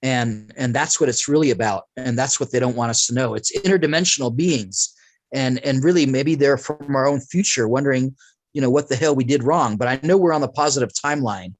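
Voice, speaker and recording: A man talking as a guest, telling a long story in a rambling, animated way and jumping between tangents. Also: mid-range voice, a little fast, dry recording, low-quality recording. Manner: rambling, animated, acts out quoted speech. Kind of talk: casual storytelling in conversation.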